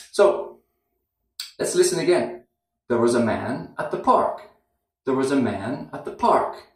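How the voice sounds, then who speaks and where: A man teaching English pronunciation, who repeats words and phrases slowly to demonstrate how they sound. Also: a little high. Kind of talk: slow, deliberate teaching. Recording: very echoey room, somewhat far from the mic.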